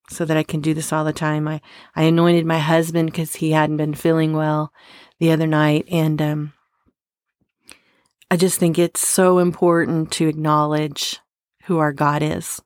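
A woman's voice: deep voice, a little mellow, no room sound, clean studio sound. A woman giving an earnest, encouraging daily devotional talk, asking listeners to work with God. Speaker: devotional speaker.

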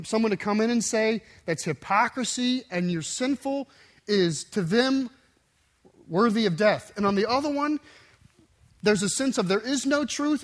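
Preaching in a strikingly high voice, this pastor stresses his words intensely. His delivery surges into forceful outbursts before settling into hushed, low closes.

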